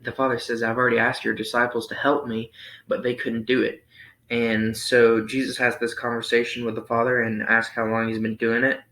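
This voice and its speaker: A young man reading scripture aloud and explaining it in a relaxed youth Sunday school lesson, thinking aloud with frequent ums. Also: medium pitch. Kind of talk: Bible reading and casual lesson. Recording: roomy echo.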